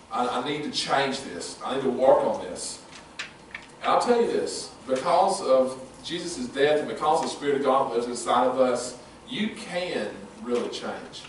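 A man's voice: mid-range voice, a little hiss or hum. A man preaching a sermon as pastor, impassioned with folksy asides, in a church sanctuary. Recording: very echoey room, voice from far off.

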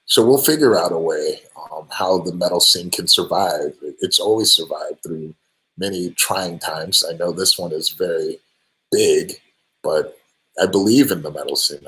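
A band singer answering fan questions on a live stream, friendly and relaxed, with many ums and restarts. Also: male voice, low-pitched, normal speed, low-quality recording. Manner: friendly, thanks each fan by name.

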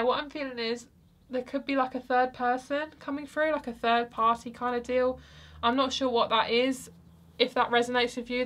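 Young woman doing a tarot reading vlog, kinda high voice, rambly and chatty, lots of likes and ums. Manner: chatty, rambling, soft-spoken with frequent fillers. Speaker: tarot card reader.

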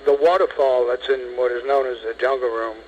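A man in his seventies, interviewed over the telephone, telling a long story in a lively way and acting out what others said. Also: mid-range voice, brisk, muffled recording, a little hiss or hum. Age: 70s. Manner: lively storyteller, acts out quoted speech.

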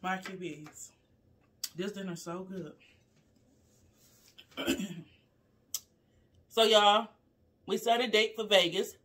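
Slow, bright-voiced woman eating on camera. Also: mid-range voice. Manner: savoring food with frequent mm sounds, talking with mouth full; relaxed, chatty, addresses viewers as y'all. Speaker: vlogger. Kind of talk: casual live eating vlog.

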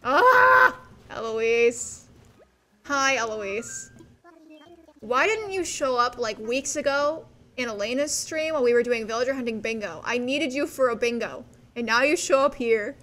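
A woman's voice: a little high, normal speed, a bit bright. A woman streaming a game, chatting casually with her viewers in a bubbly, giggly way. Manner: bubbly, giggly, talks to chat. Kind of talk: casual gameplay livestream chat.

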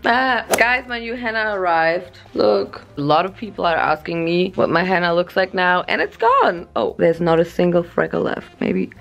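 A woman's voice: fairly low pitch, moderate pace, gravelly, few pauses, lo-fi sound. A young woman talking to a handheld camera in a casual vlog, giggly and self-mocking. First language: German. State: groggy morning voice. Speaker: vlogger.

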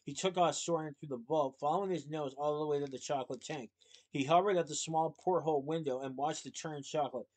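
A man reads a children's novel aloud in a steady, expressive narrating voice. His pitch sits a little above the usual for a man. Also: fairly quick, rough recording. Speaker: storybook reader.

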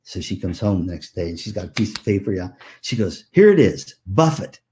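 A man speaking at a conference keynote tells stories in a playful way, impersonating family members and joking with listeners. His low-pitched, slightly mellow voice moves quickly with fairly even intonation.

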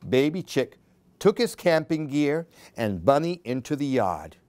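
A woman reading picture books aloud to children in a slow, expressive, sing-song way. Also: deep voice, no room sound. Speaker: storyteller.

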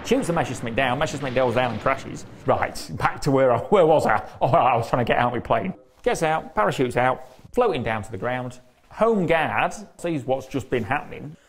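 A man's voice: medium pitch, expressive, moderate pace, dry recording. A middle-aged man, telling stories to camera in a blunt, casual way, swearing and laughing as he goes. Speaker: documentary presenter.

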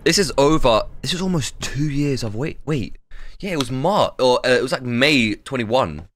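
A man streaming a game live, reacting loudly and excitably with lots of swearing. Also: mid-range voice, normal speed, slight background noise. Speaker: gaming streamer. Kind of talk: casual live-stream gameplay commentary.

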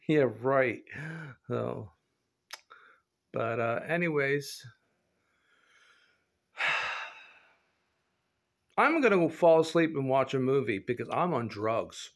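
A man rambling in a casual, goofy vlog from an indoor showroom, laughing often and jumping from quiet mutters to loud high shouts. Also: animated, drawn-out words, gravelly, long pauses. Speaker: vlogger. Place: indoor showroom with a concrete floor.

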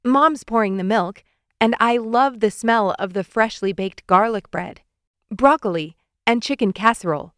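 A woman narrating a children's audiobook in the first person of a young boy, reading clearly and expressively. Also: fairly high pitch, normal speed, fairly bright tone, dry recording, studio quality.

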